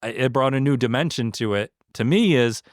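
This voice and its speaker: A man's voice: mid-range voice, brisk, no room sound, clean studio sound. A man who owns a small business, speaking in a casual interview, earnest and heartfelt, with many fillers and restarts. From Michigan. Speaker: franchise owner, interview guest.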